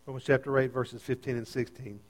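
A pastor preaching a sermon with great energy, swinging from quiet, tender lines to loud, emphatic ones. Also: male voice, medium pitch, flat delivery, fairly quick. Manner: dynamic preaching, swinging between soft and loud.

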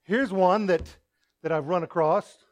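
A male pastor delivering a sermon as a string of everyday stories, turning often to the congregation with asides. He swings between punchy emphasis and quiet remarks, in a voice that sits fairly high for a man. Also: measured pace. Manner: conversational storytelling with asides to the congregation.

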